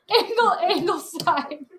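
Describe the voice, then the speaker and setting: A woman teaching a geometry lesson to a class, upbeat and quick to laugh with her students. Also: very high voice, a bit bright. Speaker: math teacher. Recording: echoey classroom, faint noise.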